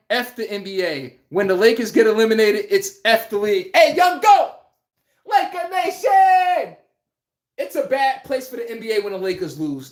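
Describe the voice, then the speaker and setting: A man hosting a live sports talk stream, talking in a casual, animated, slangy way and reading out chat comments. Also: sits high. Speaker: host. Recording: roomy echo.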